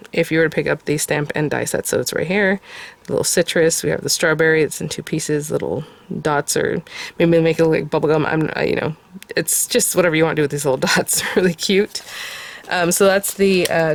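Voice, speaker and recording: A woman hosting a casual craft product review, talking chattily with fillers and little laughs, just getting over a summer cold. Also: fairly low pitch. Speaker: craft video host.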